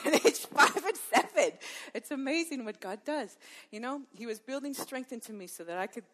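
Lively, fairly high-voiced woman giving testimony. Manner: lively storyteller who acts out her own inner dialogue and laughs often. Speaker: Christian women's speaker. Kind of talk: personal faith testimony, sermon-like talk.

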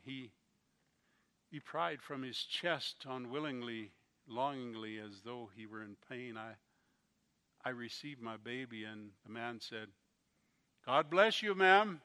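Slow, bright-voiced preacher telling a story. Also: male voice, medium pitch, fairly even intonation, clean tone. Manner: slow, emotional storytelling with swings in loudness. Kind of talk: sermon with a told story.

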